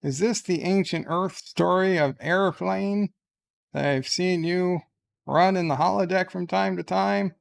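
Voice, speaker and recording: A naive, earnest young crewman, as a man puts him on in a comic action-figure skit. He answers with polite eagerness and sounds easily bewildered. His voice sits fairly high with a gravelly edge. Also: unhurried.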